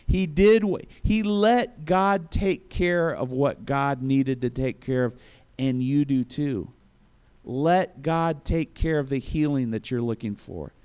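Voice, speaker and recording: A man's voice: fairly high pitch, a little mellow. A man preaching a sermon, retelling a story with chuckling asides and acted-out quotes. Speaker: pastor.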